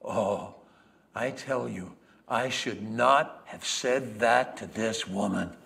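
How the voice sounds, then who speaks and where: A man's voice: lowish voice, slow, creaky, a bit bright. A man delivering a dramatic first-person monologue as a biblical character, speaking directly to the congregation. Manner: storytelling, addresses the congregation directly. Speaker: preacher performing a biblical character.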